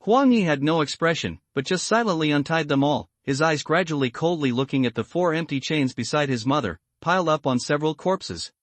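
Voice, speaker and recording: Male narrator, comic recap, measured, animated pitch, dry recording. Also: no echo. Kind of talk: scripted story narration.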